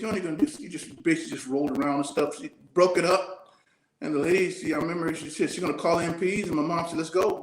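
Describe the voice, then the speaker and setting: A man's voice: a little high, reverberant, rough recording. A man in his sixties, a retired soldier, telling stories from his childhood in an interview, acting out the voices he quotes. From United States. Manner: animated storyteller, acts out quoted voices. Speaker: retired Army Ranger guest. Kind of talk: storytelling interview.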